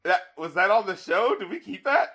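A man co-hosting a podcast in casual chat, animated and profane, slipping into mock voices. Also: high-pitched, a little fast. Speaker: podcast co-host.

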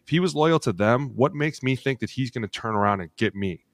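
A man in his thirties co-hosting a sports podcast, telling animated locker-room stories full of acted quotes and cursing. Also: medium pitch, fairly quick, no echo. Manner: animated storytelling with acted quotes, swears freely. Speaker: podcast co-host, former NFL lineman. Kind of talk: casual chat.

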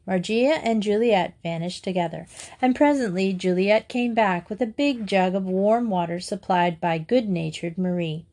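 Calm woman narrating a storybook. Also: mid-range voice. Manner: calm, measured reading. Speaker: audiobook narrator.

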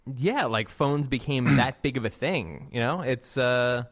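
A man co-hosts a podcast in laid-back, rambling chat stuffed with fillers. His voice is mid-range and his pace measured.

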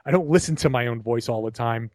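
A man with a medium-pitched, slightly mellow voice talks fast as a remote co-host on a casual podcast. His long turns ramble animatedly, with plenty of restarts. Clean studio sound, no room sound.

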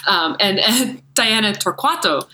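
A woman's voice: mid-range voice, animated, unhurried, bright, forceful tone, poor audio. An American woman co-hosting a fight-sports podcast, talking casually in a rambling, self-deprecating way and laughing often. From United States. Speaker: MMA commentator and podcast co-host.

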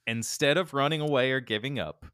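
A man co-hosting a podcast, telling a true-crime story in a laid-back, animated way with lots of fillers. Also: medium pitch, fairly quick, clean tone, no room sound, studio quality. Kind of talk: casual storytelling chat.

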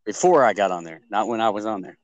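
A man's voice: fairly low pitch, animated, quick pace, no echo, highs cut off. A man co-hosting a podcast over a remote call from outdoors, chatting casually, laughing often and stammering on restarts. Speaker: podcast co-host. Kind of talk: casual banter. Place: outdoors at night among crickets.

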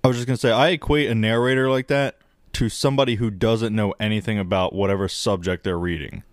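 Blunt, low-voiced man on a podcast. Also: steady tone, fast talker, no room sound, studio quality. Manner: blunt, swears freely. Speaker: podcast co-host. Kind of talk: casual chat.

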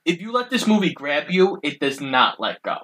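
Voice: medium pitch, sing-song, moderate pace, a bit bright, low-quality recording. A co-host of a casual film review podcast, steadily recapping the plot with easy asides. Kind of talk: casual chat.

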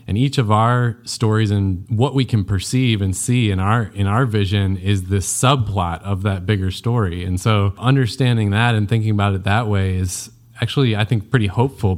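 A man with a fairly low voice hosting a conversational interview. He reflects out loud in a steady, affirming way. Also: normal speed, few pauses. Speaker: podcast host.

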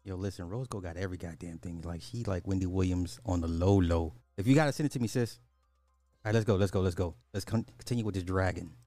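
A man hosting a casual podcast, chatting in loose slang and speaking straight to his listeners. His voice sits on the low side, dry and close, with faint music under it. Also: quick pace, dark tone, no room sound. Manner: loose, slangy, addresses the audience directly. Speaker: podcast host. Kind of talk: casual livestream commentary.

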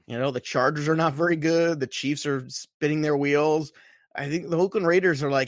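A man's voice: on the high side, fairly even intonation, normal speed, no echo, studio quality. A man co-hosting a fantasy football show, chatting casually and emphatically, repeating points for emphasis. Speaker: fantasy football podcast co-host. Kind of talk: casual sports betting chat.

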